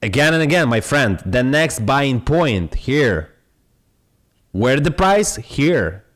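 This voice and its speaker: Brief: Ukrainian-accented male host, mid-pitched, hyped and profane, loose broken English. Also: slow pace. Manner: excitable, swearing, broken English. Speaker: crypto stream host. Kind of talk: live stream commentary.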